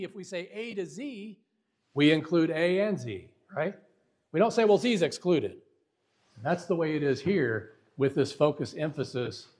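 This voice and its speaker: A male preacher teaching a Bible lesson from the pulpit, pressing hard on key words and checking in with the room through rhetorical questions. His voice is husky and sits a little high for a man. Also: lively intonation, normal speed, a little mellow. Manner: emphatic, asks the audience rhetorical questions. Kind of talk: sermon-style Bible lesson.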